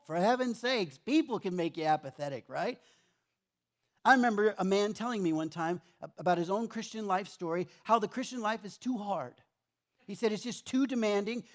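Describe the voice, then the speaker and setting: A middle-aged man preaching a sermon in a church, telling stories conversationally and acting out his own complaints. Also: high voice. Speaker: pastor.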